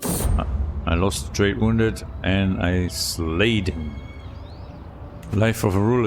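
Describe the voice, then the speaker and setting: A man's voice: sits low, slow, pauses often, a little hiss or hum. A man playing a strategy game, reading event text aloud with a storyteller's lilt and muttering asides between events. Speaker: let's play streamer.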